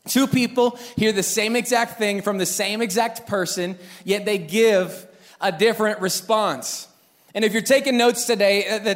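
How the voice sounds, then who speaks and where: Young male pastor, high voice, animated storyteller who acts out scenes. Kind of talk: sermon with storytelling.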